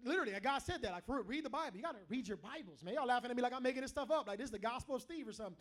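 A man's voice: very high voice, racing. A middle-aged man preaching a sermon in a church, joking and calling out to the congregation. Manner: animated, joking, calls out to the congregation. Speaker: pastor. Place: church hall with a live congregation.

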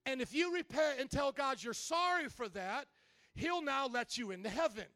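Male preacher doing an earnest daughter, pleading, pitched up even higher, dry close sound. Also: moderate pace, no room sound, heavily acted. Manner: pleading, coaxing. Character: earnest born-again grown daughter pleading.

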